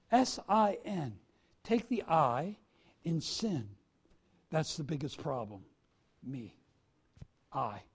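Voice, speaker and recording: A male preacher giving a sermon, swinging from soft confession to loud emphasis. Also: sits high, breathy edge.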